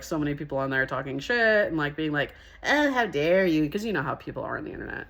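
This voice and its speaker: Woman vlogger, young, sassy storytelling, laughs a lot, slightly low voice. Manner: animated, laughs often, sassy asides. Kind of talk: casual storytelling vlog.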